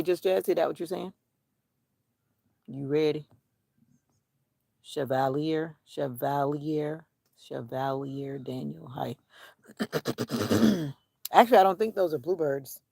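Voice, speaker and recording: A man's voice: fairly high pitch, measured pace, gravelly, long pauses, dry recording, studio quality. A man vlogging casually, talking to viewers while sitting outside on a deck with a phone. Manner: relaxed, chatty, talking to viewers. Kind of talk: casual live chat. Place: outdoors on a deck. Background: birds singing.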